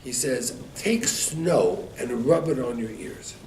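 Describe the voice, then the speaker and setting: A man teaching a Torah class, telling stories and acting out the quotes with lively rises in his voice. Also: takes it slowly. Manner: animated storyteller, acts out quotes with rising pitch. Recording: echoey room, mic at a distance, faint background noise.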